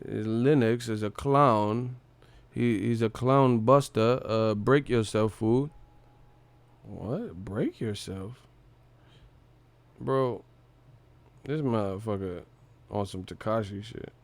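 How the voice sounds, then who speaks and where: A man's voice: fairly low pitch, takes it slowly, long pauses. A man hosting a casual boxing live stream, mocking and profane, laughing often between his jabs.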